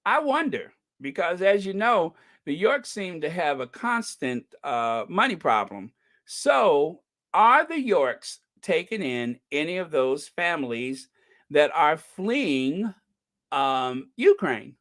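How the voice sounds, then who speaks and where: A man hosting a casual livestream, chatting about news in a sarcastic, gossipy, animated way and laughing often. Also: on the high side, slow. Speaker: livestream host.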